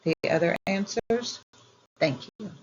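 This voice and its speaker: A woman reading an old etiquette book aloud in a measured, even way. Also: medium pitch, dull audio, a little hiss or hum. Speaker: audiobook reader.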